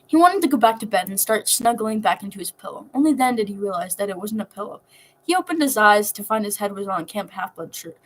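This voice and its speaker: A woman reading fan fiction aloud in a soft, emotional manner. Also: medium pitch, low-quality recording. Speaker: story reader.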